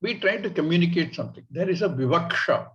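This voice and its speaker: A man with an Indian English accent, teaching a scripture class in a measured way and acting out everyday examples. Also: on the high side, animated, a bit bright, muffled recording. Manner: measured, illustrative, acts out examples. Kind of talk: spiritual class lecture.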